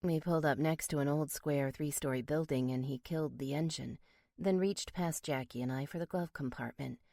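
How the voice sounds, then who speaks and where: A woman narrating a first-person romance audiobook in a steady, measured way. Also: deep voice, vocal fry, no echo, studio quality.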